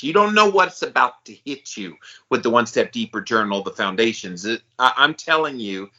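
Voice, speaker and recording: A man's voice: mid-range voice, lively intonation, normal speed, bright, forceful tone, highs cut off. A middle-aged man co-hosting a podcast, talking with upbeat enthusiasm in casual chat. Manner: enthusiastic hype-man delivery. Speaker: podcast co-host.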